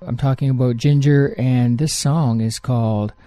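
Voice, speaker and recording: A man's voice: medium pitch, steady tone, moderate pace, dark tone, no echo. A man hosting a music radio show, chatting casually between songs in a rambling way with frequent fillers.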